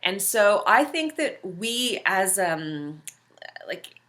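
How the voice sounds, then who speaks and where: A woman's voice: mid-range voice, very animated, drawn-out words, sharp tone. A woman hosting a video series, telling a personal story in a casual, earnest way with many filler words. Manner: conversational, heavy use of filler words; earnest, reflective. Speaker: host.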